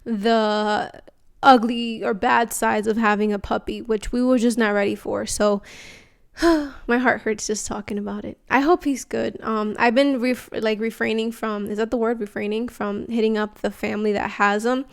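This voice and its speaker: A woman's voice: fairly high pitch, steady tone, normal speed, vocal fry. A young woman vlogging in a rambling, candid and emotional way, full of fillers and restarts. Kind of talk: casual chat to camera.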